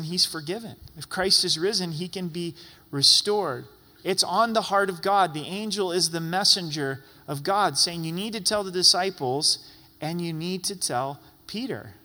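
A middle-aged male pastor preaches with earnest force and bursts into loud exclamations now and then. His voice is bright and sits a little high for a man. A long reverb hangs after each phrase. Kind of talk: sermon.

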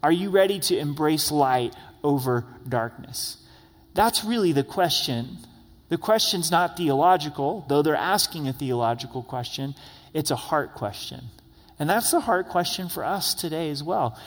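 Pastor, male, slightly high voice, earnest conversational preaching, long hall reverb. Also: expressive, moderate pace. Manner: earnest, conversational, rising to emphatic questions. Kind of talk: expository sermon.

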